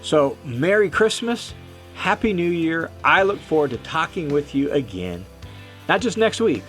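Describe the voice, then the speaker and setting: A man's voice: fairly high pitch, big pitch swings, measured pace, a bit bright, faint music behind. A man hosting a devotional podcast, giving an earnest, emphatic reflection and reading scripture aloud. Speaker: podcast host and Bible teacher.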